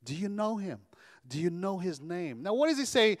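A man preaching as pastor, animated, often calling on his congregation for an amen. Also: high-pitched, moderate pace, in a large hall. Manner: animated, call-and-response preaching. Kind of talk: sermon. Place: church sanctuary.

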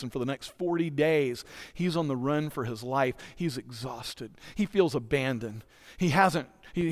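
A man's voice: medium pitch, fairly bright tone. A man preaching a sermon as pastor, earnestly asking his congregation direct questions. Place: church sanctuary. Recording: long hall reverb in a church.

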